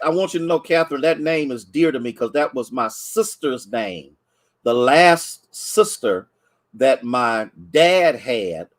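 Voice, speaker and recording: A man preaching a sermon, repeating phrases for emphasis and calling out viewers by name. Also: fairly high pitch. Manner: preachy call-and-response, greets online viewers by name. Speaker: pastor. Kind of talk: livestreamed sermon teaching.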